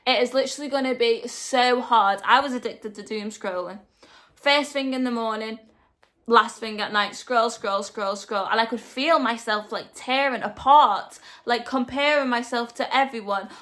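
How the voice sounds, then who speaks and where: Talking earnestly to her audience, a young vlogger delivers a motivational message and repeats key points for emphasis. Her fairly high voice has a fairly bright tone and a moderate pace.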